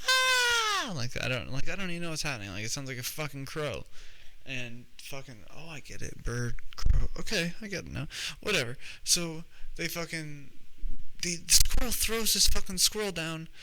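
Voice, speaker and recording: A man's voice: mid-range voice, bright, forceful tone, slight background noise, rough recording. A young adult man hosting a podcast, telling a comedic story in a profane, rambling way full of restarts. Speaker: podcast host.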